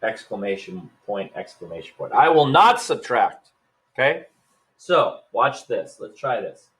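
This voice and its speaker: A male teacher giving a recorded math lesson, casual and upbeat, talking straight to his students. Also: mid-range voice.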